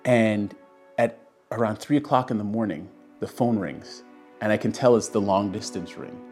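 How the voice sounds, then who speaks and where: A man's voice: on the low side, normal speed, a little mellow, faint music behind. A young man casually telling a personal story, acting out the voices of the people he quotes. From Canada. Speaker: guest telling his story.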